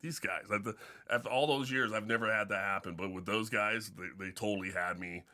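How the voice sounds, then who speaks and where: A middle-aged man hosts a casual sports podcast, his voice bright and a little low. He tells long stories in a loose, rambling way, with plenty of fillers and restarts. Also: fairly even intonation, fairly quick. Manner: storytelling, many restarts and fillers. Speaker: podcast host and football coach.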